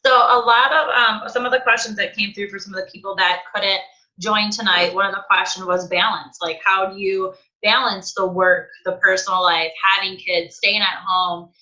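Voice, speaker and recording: A woman co-hosting, asking a question in a relaxed, conversational way. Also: medium pitch, normal speed. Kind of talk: interview question. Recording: dull lo-fi recording.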